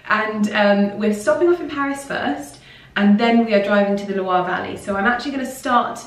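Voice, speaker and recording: A woman's voice: medium pitch, a little fast, distant mic. A young woman vlogging casually at home into a handheld camera, bubbly and rambling. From England. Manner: bubbly and rambling, with fillers and self-corrections. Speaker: lifestyle vlogger. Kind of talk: casual chatty vlog monologue. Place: indoors at home, mid-packing. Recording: echoey room, voice a little off-mic.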